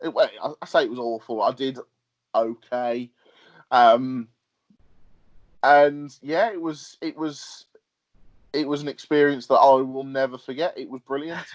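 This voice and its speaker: A young British man chats casually as a podcast guest, telling animated stories full of fillers and laughs. His voice sits in a middle pitch, and the recording sounds dull and lo-fi. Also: measured pace, pauses often. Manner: lively storyteller, laughs often, hesitant fillers. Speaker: wrestler and promoter, guest. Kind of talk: casual interview chat.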